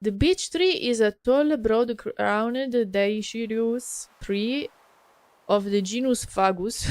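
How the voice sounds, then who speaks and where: A woman's voice: a little high, slow pace, darkish tone, no room sound. A woman from Italy speaking with an Italian accent, chatting casually and playfully with viewers on a live stream and laughing often.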